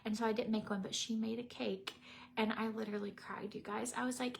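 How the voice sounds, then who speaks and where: A woman's voice: a little high, fairly even intonation, a little fast, creaky, slight background noise. A woman, chatting casually on a livestream, tired and teary, rambling with many fillers and restarts. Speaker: makeup vlogger.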